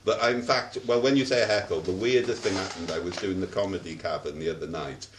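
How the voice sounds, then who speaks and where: Welsh man, camp comic guest, deep lively voice, roomy distant sound. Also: fast. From Wales. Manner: camp, chatty, swears freely. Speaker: comedian guest. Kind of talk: casual chat. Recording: roomy, distant mic, faint noise.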